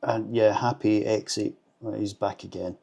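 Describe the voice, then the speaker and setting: A man's voice: fairly low pitch, steady tone, normal speed, vocal fry, mellow, dull audio. A Scottish man, a vlogger, reading viewer comments aloud in casual chat, with blunt, sarcastic and sweary replies. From Scotland.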